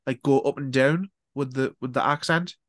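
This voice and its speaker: A man's voice: medium pitch, moderate pace, no echo, studio quality. A man hosting a podcast, chatting casually and swearing freely. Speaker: podcast host. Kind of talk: casual chat.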